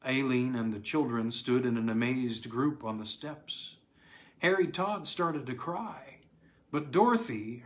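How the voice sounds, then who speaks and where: A man reading a weird tale aloud in a measured, dramatic way. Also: on the high side, fairly bright tone. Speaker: reader. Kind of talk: scripted narration.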